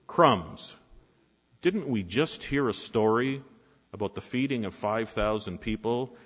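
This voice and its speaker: A man preaching a sermon in a church, asking rhetorical questions with dramatic pauses. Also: lowish voice. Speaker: pastor. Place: church sanctuary. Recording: reverberant hall, dull lo-fi sound.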